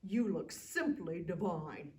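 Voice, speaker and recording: A vain, pompous giant husband speaks grandly and slowly, as a woman puts him on. The voice sounds a little removed from the microphone. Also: on the low side, lively intonation, a little mellow, recorded from a distance.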